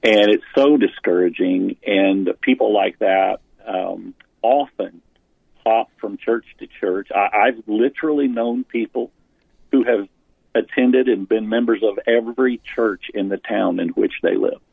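A low, gravelly man talks earnestly and at length, often restarting a phrase as he explains. His voice is husky and comes through a thin, phone-like line. The sound is dry and close. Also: unhurried, dry recording. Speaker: author and pastor guest. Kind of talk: interview about church leadership.

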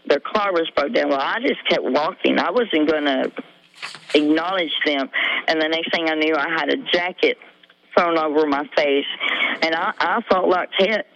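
A middle-aged woman calling in to a radio show, telling her story in a halting, rambling way full of fillers. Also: deep voice, creaky, fairly bright tone. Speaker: caller. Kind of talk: emotional call-in confession. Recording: dull lo-fi radio call.

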